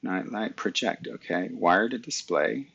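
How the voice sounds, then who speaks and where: Talking casually through a screen share, a middle-aged live streamer mutters back at his computer. His lowish voice is gravelly, husky, a bit bright and a little slow, and the webcam mic makes the recording muffled.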